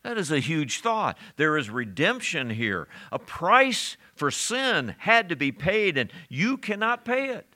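A male pastor delivers a sermon in a bright, forceful voice. He preaches emphatically and keeps asking his listeners rhetorical questions. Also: fairly high pitch, sing-song, unhurried, few pauses.

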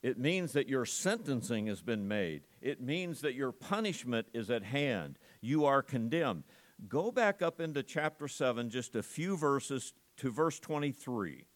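A man's voice: medium pitch, sing-song, measured pace. A male pastor preaching a sermon at a church service, emphatic and full of rhetorical questions to his congregation.

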